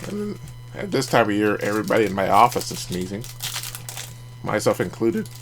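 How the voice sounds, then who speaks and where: A man's voice: lowish voice, very animated, brisk, noisy background. A man hosting a casual card review vlog, chatty and making jokey asides as he goes. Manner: chatty, jokey asides, laughs at own remarks. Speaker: card collecting channel host.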